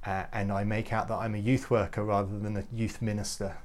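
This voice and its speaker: A man giving an earnest, reflective devotional talk to youth leaders, often halting and repeating words as he goes. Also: fairly low pitch, little pitch movement. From United Kingdom. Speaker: youth ministry speaker.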